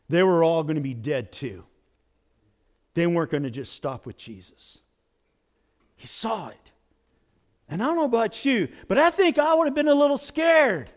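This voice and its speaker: A man pastor preaching a sermon in an animated, conversational storytelling way. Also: high-pitched.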